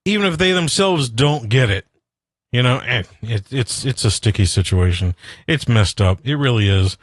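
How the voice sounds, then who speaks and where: A man's voice: mid-range voice, lively intonation, moderate pace, no room sound. Man hosting his own radio show, rambling rant, dry close sound, mid voice. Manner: rambling, blunt and profane, laughs at himself. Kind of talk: casual solo radio rant and chat.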